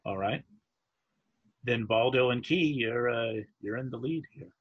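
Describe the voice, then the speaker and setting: A man narrating as game master of a tabletop role-playing game, halting and restarting, with many fillers. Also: mid-range voice, husky, muffled recording. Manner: halting, full of fillers and restarts, laughs often.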